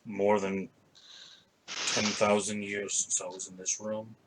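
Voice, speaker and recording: A man voicing an ancient, weary crowned man who speaks quietly and with resignation. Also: on the low side, little pitch movement, takes it slowly, a little hiss or hum, rough recording.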